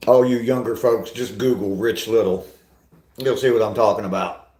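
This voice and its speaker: An older man rambles chattily through a casual walking live stream, poking fun at himself as he answers viewers. His voice is on the low side, and it carries an echoey, roomy ring. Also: fairly even intonation, moderate pace, a little mellow. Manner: rambling, chatty, self-deprecating. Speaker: vlogger reading live chat.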